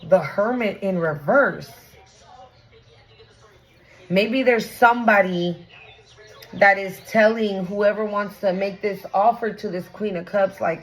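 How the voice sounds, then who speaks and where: A woman's voice: medium pitch, takes it slowly, pauses often. A woman giving a casual tarot reading to camera, blunt and profane, talking straight to the viewer and often asking "right?". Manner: animated, often exclaims and asks "right?". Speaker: tarot reader.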